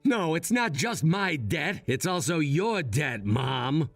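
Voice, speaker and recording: A man voicing a calm, calculating young adult son who speaks in a matter-of-fact, quietly scheming way. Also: fairly high pitch, slow pace, vocal fry, no echo, faint music behind, exaggerated voice.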